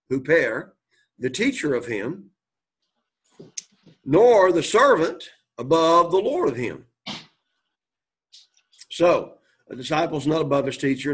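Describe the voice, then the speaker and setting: A man teaching a Greek class, reading Greek aloud, translating it and quizzing his students, often clearing his throat. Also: mid-range voice, a bit bright. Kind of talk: classroom lecture.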